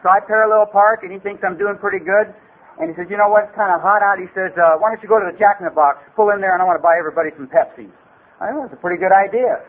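Middle-aged LA man, high voice, loose rambling storyteller, thin phone-like sound. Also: racing, slightly rough. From Los Angeles area. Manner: loose rambling delivery full of "man" and "you know". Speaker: recovery meeting speaker. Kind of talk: comic personal storytelling. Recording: tinny phone-like recording with faint hiss.

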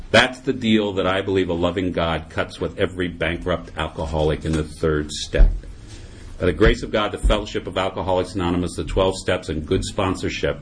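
A man's voice: sits low, a little fast, slight background noise. A middle-aged man speaking at a recovery meeting, giving a humorous personal testimony. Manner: humorous, animated storyteller.

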